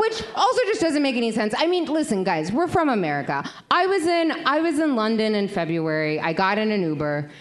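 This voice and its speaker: A woman's voice: high voice, slight background noise. A woman in her thirties co-hosting a podcast, wry and exasperated, often laughing through her lines in casual banter. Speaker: podcast co-host.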